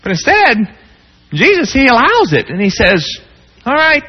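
Male preacher, dramatic swings from hushed to pleading, muffled lo-fi sound. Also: huge pitch swings, moderate pace, slightly rough. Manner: dramatic, swings between hushed low tones and raised pleading. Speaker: pastor. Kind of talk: sermon. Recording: dull lo-fi sound with long hall reverb.

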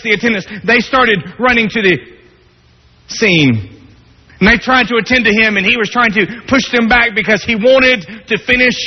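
High, husky-voiced preacher in a hall. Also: male voice. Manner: dramatic, swings between soft low tones and rising emphasis. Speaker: pastor. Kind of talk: sermon storytelling. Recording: dull, long-reverb hall sound.

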